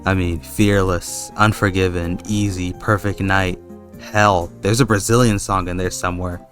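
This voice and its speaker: A man's voice: low voice, fairly even intonation, normal speed, over loud music. A young man rambling casually in a vlog, slangy and swearing, calling his viewers bro. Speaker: video essayist.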